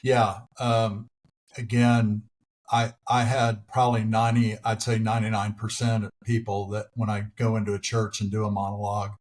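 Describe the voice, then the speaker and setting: Middle-aged guy, lowish voice, chatty storyteller, pokes fun at himself. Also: level tone, moderate pace, a little mellow. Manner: anecdotal, self-deprecating humor. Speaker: podcast guest, actor and preacher. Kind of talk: casual interview.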